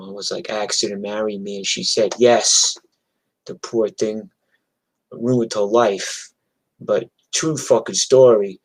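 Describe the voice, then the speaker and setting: A man from New York telling wild street stories in a casual, profane, animated way, acting out the fights as he goes. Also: lowish voice. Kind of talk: casual storytelling. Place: streamed from home.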